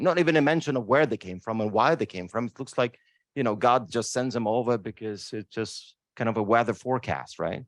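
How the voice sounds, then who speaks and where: A man's voice: medium pitch, lively intonation, a little fast, dry recording. A man speaking on a law school panel, emphatic and emotional, often asking "right?" to the audience. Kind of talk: impassioned panel talk. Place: lecture room.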